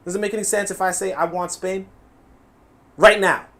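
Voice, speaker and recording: A man with a New York accent giving animated, profane live reaction commentary. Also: high-pitched, moderate pace. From USA. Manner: animated, profane, laughing asides. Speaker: reaction streamer.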